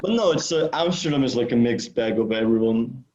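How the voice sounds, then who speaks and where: A man's voice: medium pitch, lively intonation, brisk, darkish tone, lo-fi sound. A man co-hosting a podcast in casual, profane chat, full of filler words. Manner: rambling, profane, many "like"s. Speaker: podcast co-host.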